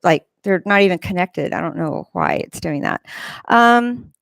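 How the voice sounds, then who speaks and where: A woman's voice: fairly low pitch, expressive, a little slow, creaky, a bit bright, no room sound. Rambling woman chatting on a livestream. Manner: rambling, reads chat comments aloud. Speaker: livestream host. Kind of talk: casual live-stream chat. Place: home room with a fan running. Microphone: desk microphone.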